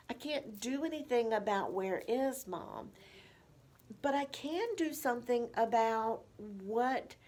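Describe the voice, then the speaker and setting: A woman, a nurse and educator teaching caregivers in a measured way with slow, emphatic pauses. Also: a little high, darkish tone.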